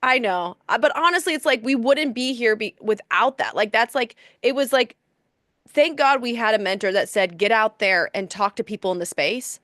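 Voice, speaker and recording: A woman's voice: on the high side, normal speed, a bit bright, no room sound, clean studio sound. A woman co-hosting a podcast, talking in a gushing, effusive way with many fillers. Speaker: podcast co-host. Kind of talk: casual chat.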